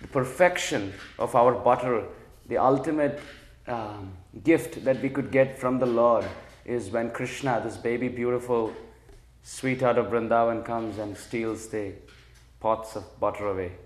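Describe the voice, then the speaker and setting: A man's voice: mid-range voice, unhurried, echoey room, natural voice. A man voicing a group of adoring village milkmaids who pray playfully and fondly to a beloved child. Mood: fond pleading.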